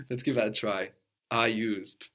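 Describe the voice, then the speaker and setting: A man's voice: medium pitch, slow pace, a bit bright. A man teaching a language lesson, patiently prompting his student and often checking with a questioning "no?".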